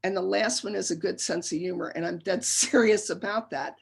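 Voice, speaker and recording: A woman's voice: on the low side, brisk, vocal fry, husky. A middle-aged woman giving a humorous lecture, chatty and self-deprecating, breaking into laughter as she tells personal stories.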